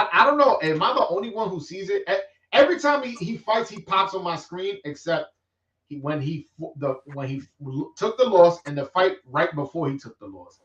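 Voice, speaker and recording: Fields: Sex: man. Style: animated street-talk boxing chat. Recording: roomy, distant, lo-fi. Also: high voice. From New York. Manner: animated, streetwise slang, frequent restarts. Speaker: boxing vlogger host. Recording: roomy, distant, dull lo-fi sound.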